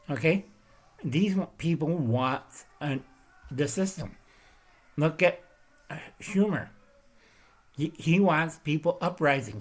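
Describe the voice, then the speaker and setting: A man hosting his own channel, talking through a rambling, emphatic political commentary monologue, often checking in with "Okay?" and "All right?". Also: on the high side. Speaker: channel host.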